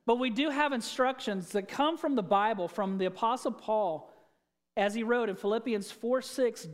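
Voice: mid-range voice, normal speed, big-room sound. A pastor preaching a sermon in a conversational way, asking the congregation questions and telling stories.

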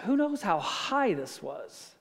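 High-voiced male pastor in a reverberant hall. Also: big pitch swings, takes it slowly, vocal fry. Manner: storytelling with rhetorical questions. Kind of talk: sermon.

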